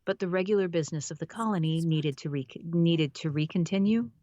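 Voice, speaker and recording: A woman's voice: on the low side, fast, warm tone, no room sound. A woman narrating a novel on a live stream, often stopping to re-read lines and laughing at her own slips. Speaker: audiobook narrator.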